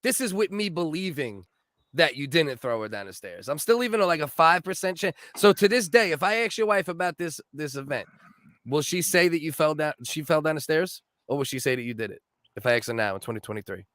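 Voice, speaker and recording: A man's voice: a little high, expressive, fairly quick, a bit bright, dry recording. Teasing man on a dry mic. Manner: teasing, recaps with mock disbelief. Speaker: podcast co-host. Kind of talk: casual chat.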